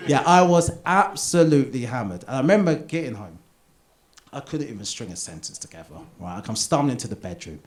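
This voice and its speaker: A British stand-up comedian in his thirties, chatty and confessional as he tells a personal story to a theatre crowd. His voice sits at an ordinary middle pitch. He drops low and quiet for the set-ups, then gets loud for the punchlines. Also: expressive, fairly quick. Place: theatre stage.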